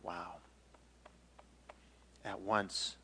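A man's voice: deep voice, very slow, a little hiss or hum. A man teaching a Bible story in a casual, playful way, acting out scenes and joking along the way. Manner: animated, playful, acts out the story with jokes.

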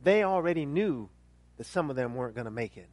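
A pastor preaching a sermon emphatically, building to loud questions and then dropping quiet and intense. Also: male voice, medium pitch, animated, brisk, dry recording.

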